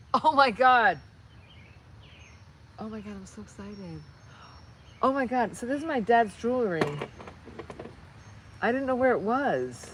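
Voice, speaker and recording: A woman hosting a casual livestream on her phone while crafting, rambling and excitable, often breaking off mid-sentence. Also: a little high, background noise. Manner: rambling, excitable, self-interrupting. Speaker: channel host.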